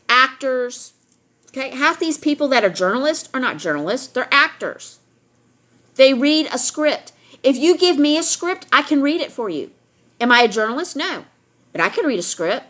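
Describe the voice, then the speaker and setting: A woman's voice: sits high, a bit bright. A woman ranting straight to her viewers, emphatic and lecturing, driving points home by repeating them. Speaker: vlogger addressing viewers. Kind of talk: direct-to-camera rant.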